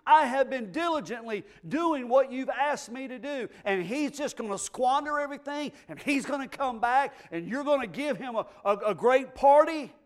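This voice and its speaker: A man's voice: very high-pitched, lively intonation, moderate pace, hardly any pauses, voice pushed up. A man preaching a sermon voices a resentful, hardworking older brother who complains in an aggrieved way.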